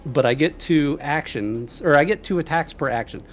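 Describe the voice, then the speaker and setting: A man's voice: fairly high pitch, moderate pace, soft background music. A man playing a tabletop game, narrating his character's actions and working through the rules aloud. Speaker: player.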